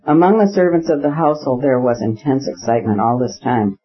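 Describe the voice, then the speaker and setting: Man, audiobook narrator, classic novel, measured and even, mid-pitched, slightly muffled recording. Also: slightly rough.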